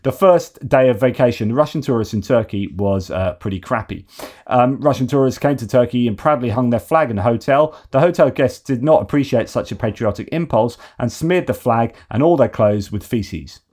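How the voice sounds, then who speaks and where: Hosting an informal news commentary show, this UK man keeps things loose and sarcastic, with mocking asides. His mid-range voice has a darkish tone and a moderate pace.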